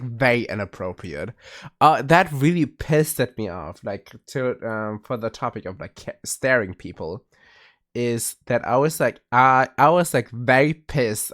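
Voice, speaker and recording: A young man chatting casually with his stream viewers, rambling with many restarts and laughs. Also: medium pitch. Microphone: streaming mic.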